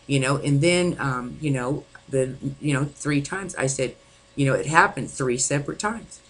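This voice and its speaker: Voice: medium pitch, moderate pace, fairly bright tone, poor audio. A distraught vlogger venting angrily to camera, swearing often and rambling with many fillers. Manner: angry, frequent swearing. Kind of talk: venting personal monologue.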